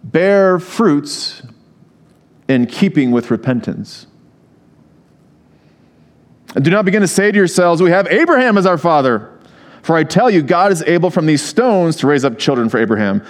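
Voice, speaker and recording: A man's voice: on the high side, sing-song, normal speed, long pauses. A man preaching a sermon in a conversational way, reading scripture and adding humorous asides. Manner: reads scripture aloud. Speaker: pastor.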